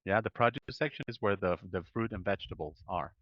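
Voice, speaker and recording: A man's voice: fairly low pitch, quick pace, no echo, dull audio. A man teaching English pronunciation one-on-one, patiently correcting and modeling sounds on a video call.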